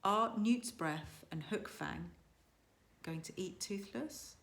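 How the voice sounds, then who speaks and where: A primary school teacher, a woman, reading a children's story aloud with lively, expressive storytelling. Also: mid-range voice, slow pace, gravelly, slight background noise. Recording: echoey room.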